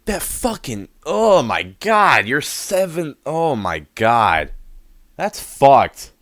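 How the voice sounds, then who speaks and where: A man's voice: mid-range voice, big pitch swings, drawn-out words, a bit bright, dry recording. A man hosting a reaction video, exclaiming and swearing freely as he muses aloud in casual commentary.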